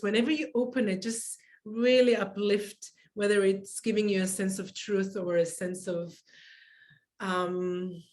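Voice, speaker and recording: A woman's voice: medium pitch, a little mellow. A woman interview guest who tells personal stories in a casual, emotional way and often laughs as she talks.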